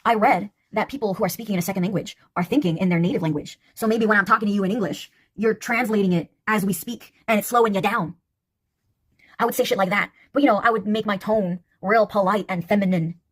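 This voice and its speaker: A woman delivers a casual, sardonic monologue. Her voice is slightly husky. She lets a mocking tone run through everything she says. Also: mid-range voice, quick pace.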